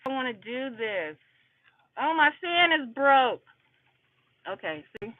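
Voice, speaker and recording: A woman in her fifties chatting on a live stream, animated and laughing, talking to her viewers as y'all. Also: high-pitched, slow, no room sound. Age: 50s. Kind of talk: casual live-stream chat. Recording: tinny phone-quality audio, dry.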